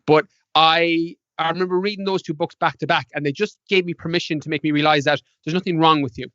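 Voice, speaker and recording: A man's voice: on the high side, steady tone, fast, sharp tone, no echo, muffled recording. A man who is a mindset coach and a podcast guest, talking casually and energetically, with many restarts, and acting out his clients. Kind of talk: casual conversation.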